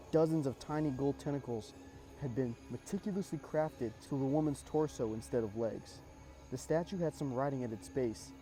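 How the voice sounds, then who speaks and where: A man tells a spooky war story in the first person, measured and suspenseful. His voice is dark and mellow at a middle pitch, and soft music plays underneath. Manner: measured, suspenseful, with casual asides. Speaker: horror story narrator.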